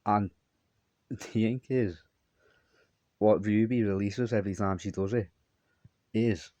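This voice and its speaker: A man's voice: lowish voice, steady tone, slow, mellow, no echo. A man telling a long, meandering story in a repetitive monologue. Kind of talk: rambling monologue.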